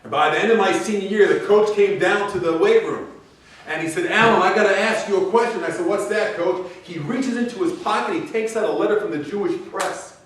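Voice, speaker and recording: A middle-aged man giving a graduation speech, an animated storyteller who acts out the people he quotes. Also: high voice. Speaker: commencement speaker. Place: large event hall. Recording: echoey hall, voice from far off.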